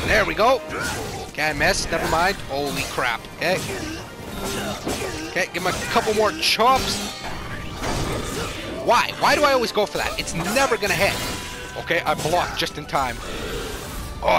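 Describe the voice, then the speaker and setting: A man casually commentating a fighting game, hoarse and excitable, with loud exclamations. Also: on the high side. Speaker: gaming commentator. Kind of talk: casual let's play commentary. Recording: commentary over game music.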